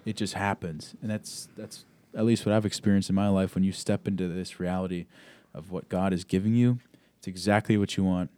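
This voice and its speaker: A man's voice: low-pitched, steady tone, a little fast, few pauses, darkish tone, no room sound. A young man co-hosting a podcast, talking in a reflective, rambling way with fillers. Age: young adult. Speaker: podcast co-host. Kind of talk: casual chat.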